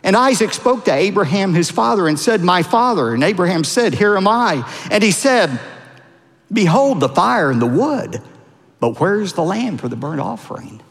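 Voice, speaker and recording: A man preaching a sermon as a pastor, dramatic, with wide swings in pitch and volume. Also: big pitch swings, moderate pace, creaky. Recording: long reverb of a large hall.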